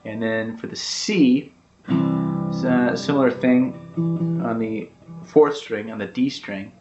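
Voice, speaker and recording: A man's voice: mid-range voice, slow. A man giving a casual guitar lesson, explaining step by step in an easygoing way with lots of fillers. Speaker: guitar teacher. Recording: roomy, dull sound with loud guitar.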